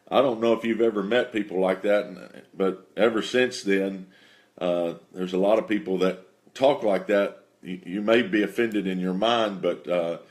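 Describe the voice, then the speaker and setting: A man hosting a show of faith stories, telling a personal testimony in a folksy, relaxed way with frequent fillers. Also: low-pitched.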